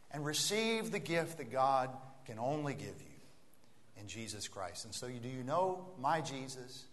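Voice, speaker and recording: A man's voice: medium pitch, very animated, a little slow, a bit bright. A male preacher giving an evening sermon in a church, telling a story and building to an earnest appeal. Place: church auditorium. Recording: long hall reverb, faint noise.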